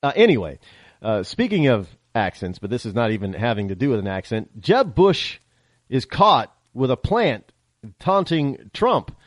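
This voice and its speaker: A man from the northern United States hosting a podcast, telling stories in a rambling, animated casual monologue. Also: mid-range voice, normal speed, dry recording. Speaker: podcast host.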